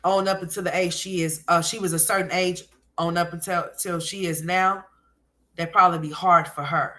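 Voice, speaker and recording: A woman's voice: fairly low pitch, fairly even intonation, normal speed, pushed and bright. A woman hosting casual commentary, candid and emphatic, often calling listeners honey. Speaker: commentary channel host.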